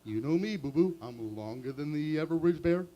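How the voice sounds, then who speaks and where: A man voicing a boastful male cartoon bear with a low, gruff drawl. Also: animated, moderate pace, mellow, muffled recording, lightly acted.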